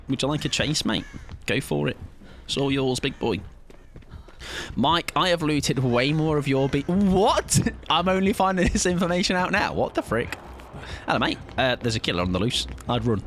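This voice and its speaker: A man's voice: on the high side, lively intonation, normal speed, fairly bright tone, slight background noise. Young guy streaming and yapping at chat, jokey and rambly, voice bounces up and down a lot. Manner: playful, rambling, jokey, chatting to viewers. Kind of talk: casual live-stream chat while gaming.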